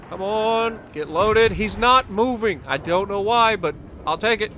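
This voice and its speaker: A man giving casual commentary over his own gameplay footage, upbeat and quick to chuckle. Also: high-pitched, bright, forceful tone, faint music behind. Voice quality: chuckles often, upbeat and talkative. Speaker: gaming commentator.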